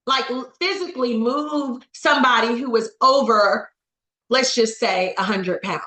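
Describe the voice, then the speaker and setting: A woman's voice: on the high side, measured pace, fairly bright tone, reverberant, low-quality recording. A woman coaching on a video call, preaching motivation with rhetorical questions and calling on listeners by name. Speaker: network marketing coach. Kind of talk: motivational training talk.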